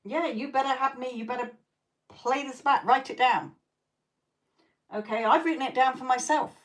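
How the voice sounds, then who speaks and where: A high-pitched woman speaking at normal speed leads a live tarot stream, chatting with viewers in a frank, profane manner. Her style is coaching, broken up by frequent laughter and repeated "okay?" check-ins.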